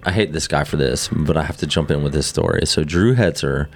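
A man's voice: extremely low pitch, brisk. A man co-hosting a casual podcast chat, telling rambling stories and acting out quotes. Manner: rambling storyteller, acts out quoted bits. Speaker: podcast co-host.

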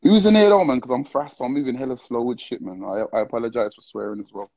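A man hosting a casual livestream, tipsy and excitable, heavy on slang as he calls out to viewers. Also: medium pitch, fast, creaky. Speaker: livestream host. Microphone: live stream with call-ins. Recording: dull lo-fi stream audio.

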